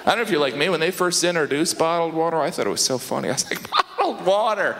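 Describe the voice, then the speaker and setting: A man from the American Midwest doing a deadpan stand-up routine on a theater stage, jumping into high, mocking voices for the people in his jokes. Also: racing, slight background noise. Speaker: stand-up comedian. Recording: reverberant theater with audience laughter. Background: audience laughter.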